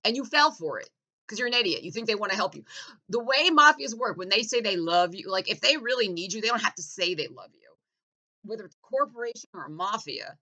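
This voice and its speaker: A woman launches a heated, profane rant with biting sarcasm. Her voice is bright and edgy, and she mocks as she goes. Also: medium pitch, poor audio. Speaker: vlogger.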